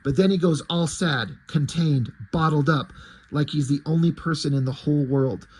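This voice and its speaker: A man voicing a panicked, grieving twelve-year-old boy sidekick, frantic and repeating himself, with a husky voice. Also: fairly high pitch, normal speed, darkish tone, voice pushed down. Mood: dazed.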